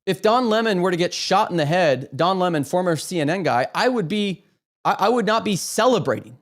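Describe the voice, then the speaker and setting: Talking a little fast in a high-pitched, expressive voice, a man hosts a live stream with impassioned commentary. He's emphatic and often trips over repeated words.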